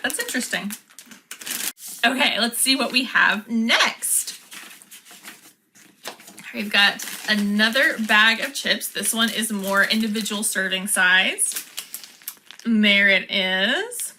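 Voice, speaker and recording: A woman's voice: medium pitch, lively intonation, slow pace, long pauses, pushed and bright, a little hiss or hum. A woman chatting casually as she unboxes and taste-tests snacks, laughing often. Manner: chatty, laughs often, reads product cards aloud. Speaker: vlogger.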